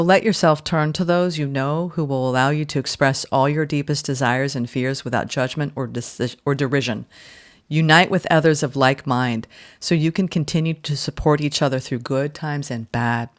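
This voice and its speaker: A woman's voice: deep voice, normal speed. Effusive woman giving a tarot reading. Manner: effusive, emotional, exclaiming and repeating phrases. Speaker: tarot reader. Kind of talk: casual tarot reading, reading card text aloud.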